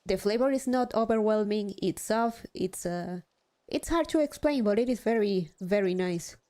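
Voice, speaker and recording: A young adult woman chats casually while gaming on a live stream, swearing now and then and poking fun at herself. She has a warm, mid-range voice at a normal speed.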